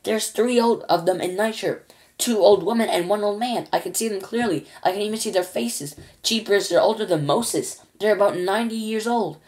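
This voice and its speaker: Woman as excitable astronaut, stammering, urgent storybook voice. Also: mid-range voice, normal speed, pitched above the performer's own voice, lightly acted. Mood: excited. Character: excitable male astronaut commander, flustered. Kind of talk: children's storybook reading.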